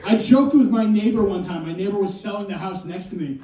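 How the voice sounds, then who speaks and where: Male stand-up comic, wry storyteller, high mellow voice, distant in a very echoey club. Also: brisk, slight background noise. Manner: wry, storytelling, self-deprecating. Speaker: stand-up comedian. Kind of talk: stand-up comedy set. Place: comedy club stage.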